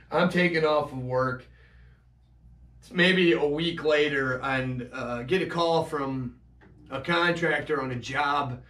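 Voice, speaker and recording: Man, personal confessional monologue, halting delivery, echoey room, distant mic. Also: mid-range voice, a bit bright. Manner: halting, emotional, many restarts and fillers. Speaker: vlogger telling his own story.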